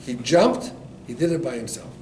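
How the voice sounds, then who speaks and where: A man, a rabbi, giving an animated storytelling Torah class to listeners. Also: mid-range voice, moderate pace. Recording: echoey room, distant mic, background noise.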